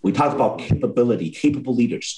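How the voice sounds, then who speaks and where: Animated, worked-up male commentator. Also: medium pitch, quick pace, poor audio. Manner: worked up, repeats words when excited. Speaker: talk show host. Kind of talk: heated political commentary.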